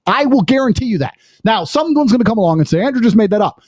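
Boastful man with a lively, rising voice. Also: sits high, fast talker, no echo. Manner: boastful and insistent, rising to loud emphasis. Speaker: livestream host. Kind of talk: emphatic live-stream monologue.

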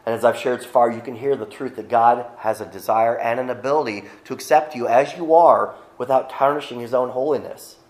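Guy preaching, chatty sermon w/ jokes, roomy echo, mid pitch. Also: a little fast, few pauses. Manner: conversational, joking asides. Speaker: pastor.

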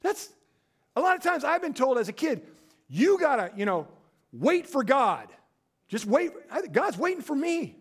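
A male pastor preaching a sermon in a storytelling way, acting out quoted voices and dropping to a quiet, low voice for emphasis. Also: big pitch swings, measured pace.

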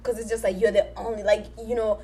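A woman's voice: medium pitch, level tone, quick pace, warm tone, low-quality recording. A woman in her twenties from Kenya, talking candidly as a podcast co-host, rambling with many fillers. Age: 20s. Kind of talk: casual chat.

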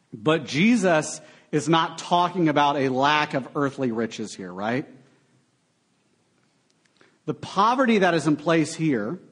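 Animated young male preacher, lively pitch. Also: husky. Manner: animated preaching with sarcastic asides. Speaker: pastor. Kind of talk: sermon.

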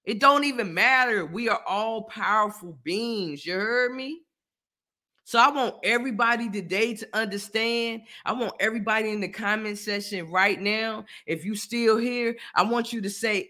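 A young man speaks in a high, bright, ringing voice on a casual live stream. He talks earnestly to his viewers, repeats himself for emphasis, and leans on slang. His delivery keeps building toward loud hype shouts. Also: normal speed. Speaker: motivational vlogger.

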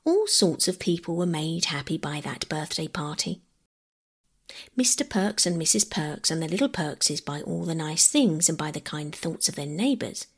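A woman reading a bedtime audiobook in a gentle, measured, breathy voice that often drops to a whisper. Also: deep voice, big pitch swings. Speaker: narrator. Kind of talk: soft bedtime audiobook narration.

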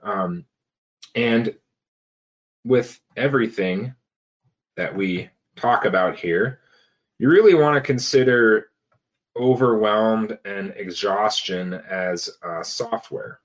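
Man, health coach, casual coaching talk, fairly low voice, halting with fillers. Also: highs cut off. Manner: hesitant, many fillers and restarts.

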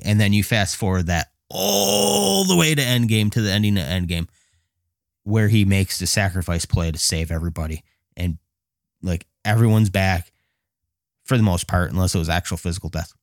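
Man, very low voice, casual animated storytelling, laughs and swears, dry close sound. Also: normal speed, vocal fry, no echo. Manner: animated, jumps into high excited voices when reenacting reactions. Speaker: movie fan recounting a film.

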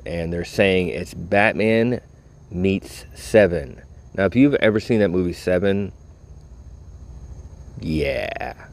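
A tired man rambling casually to his audience, laid-back and full of profanity. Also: low voice. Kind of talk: casual rambling talk to camera.

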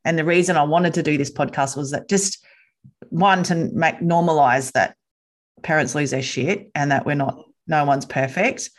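Woman, podcast host, casual and chatty, animated delivery. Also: deep voice, normal speed. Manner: chatty and animated, jumping into playful voices. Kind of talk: casual interview chat.

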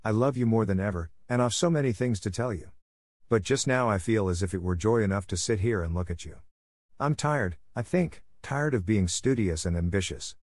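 A man reading the lines of a bright, ambitious teenage girl in an audiobook, in his own low voice. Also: normal speed, no echo, clean studio sound, close to an everyday voice. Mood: eager.

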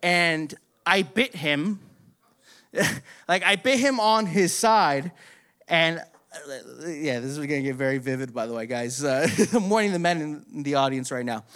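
Bright, high-voiced young man telling a story. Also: a little slow, clear, resonant tone. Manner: profane, laughing, animated storytelling. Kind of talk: casual storytelling.

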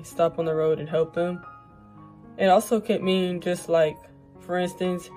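A woman's voice: on the low side, warm tone. A woman community member plainly explaining her view and giving everyday examples. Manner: plain, matter-of-fact, gives examples. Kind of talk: plain personal statement.

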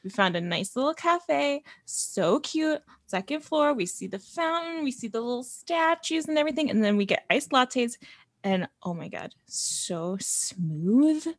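A podcast co-host in her late twenties tells stories in a rambling, giggly way. Her voice is fairly high and swoops all over, and the sound is dry and close. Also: a little slow, no echo. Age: late 20s. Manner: laughs often, rambling and animated. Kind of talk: casual chat.

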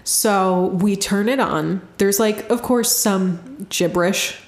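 A woman co-hosting a podcast tells a story in casual chat, chatty and giggly with plenty of fillers. Her voice is medium-pitched and slow, with a reverberant sound.

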